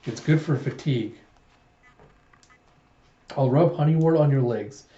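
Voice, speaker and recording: A man voicing a clever, practical young male guide with a brisk, know-it-all manner. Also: mid-range voice, mellow, echoey room, dull audio, lightly acted.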